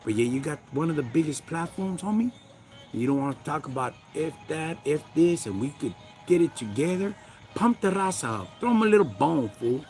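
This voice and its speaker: Broadcasting casually from a backyard, a livestream host with a Chicano accent rants in street slang, gets preachy and talks back to his chat. His voice is fairly high and sing-song, darkish in tone, at a moderate pace, with faint music behind him.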